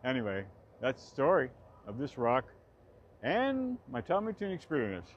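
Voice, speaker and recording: A man's voice: medium pitch, wildly swooping pitch, moderate pace, muffled recording, slight background noise. A man in his sixties chattily recalling his old theater days outdoors in a park, rambling, restarting sentences and laughing often. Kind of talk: casual spoken reminiscence.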